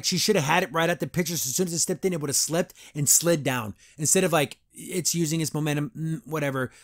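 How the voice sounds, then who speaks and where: A man's voice: fairly high pitch, dry recording, studio quality. Chatty, opinionated male podcast host. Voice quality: chatty, opinionated and easily amused. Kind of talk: casual episode review commentary.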